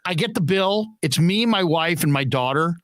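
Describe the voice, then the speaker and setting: Middle-aged male host, bright storyteller, very dry close mic. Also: fairly high pitch, moderate pace, no room sound. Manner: storytelling, animated, swears freely. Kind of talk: casual podcast chat.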